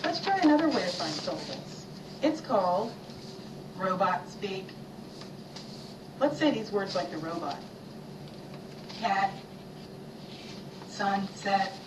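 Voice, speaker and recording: Female narrator for a kids' educational video; animated pitch, heard as roomy, distant playback with noise. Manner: clear and animated, guiding listeners to join in. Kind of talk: scripted narration for kids. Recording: video played in a roomy space from far off, noisy.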